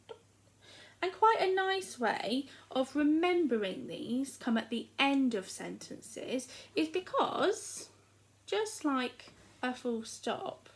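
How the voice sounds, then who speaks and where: High-voiced English teacher addressing small children. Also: female voice, poor audio. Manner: slow, clear, encouraging, speaks to small children. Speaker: primary school teacher. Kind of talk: recorded remote lesson for young children.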